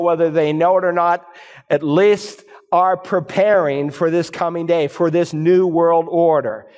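A male pastor preaching a sermon, driving points home with rhetorical questions and emphatic repetition. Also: sits high. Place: church sanctuary. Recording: reverberant church hall.

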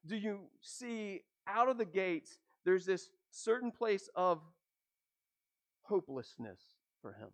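A man preaching a sermon, asking rhetorical questions and dropping his voice low at the ends of phrases. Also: sing-song, slow. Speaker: pastor.

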